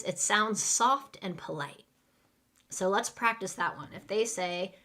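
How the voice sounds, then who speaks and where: A woman teaching a live online English class. She talks patiently and clearly, acting out a server's lines and pausing so students can repeat them. Her voice sits at an ordinary middle pitch. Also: bright, forceful tone.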